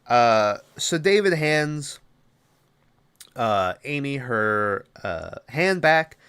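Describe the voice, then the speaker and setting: A man's voice: mid-range voice, very animated, very slow, a bit bright, clean tone. A man hosting a podcast, recapping a movie in a rambling, casual way, full of filler words and swearing. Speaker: podcast host.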